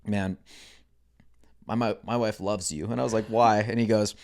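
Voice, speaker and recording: A man's voice: on the low side, moderate pace. A young man, a content creator guest on a podcast, chatting casually and acting out the people in his stories. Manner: animated storyteller, acts out quoted voices. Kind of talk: casual chat.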